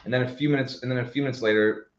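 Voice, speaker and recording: A man co-hosting a football podcast, telling a match story in animated casual chat with restarts and swearing. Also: mid-range voice, very fast. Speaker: podcast co-host. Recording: roomy, dull lo-fi sound.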